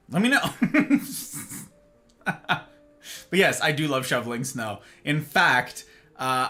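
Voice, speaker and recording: A man streaming live, chatting casually with his chat and sounding tired; he jumps from excited squeals to mumbled asides. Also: mid-range voice.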